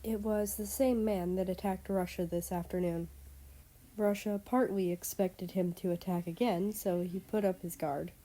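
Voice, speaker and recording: Woman narrator, story reading, mellow, low-pitched. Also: fairly even intonation, normal speed. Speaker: story reader. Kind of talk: reading fan fiction aloud.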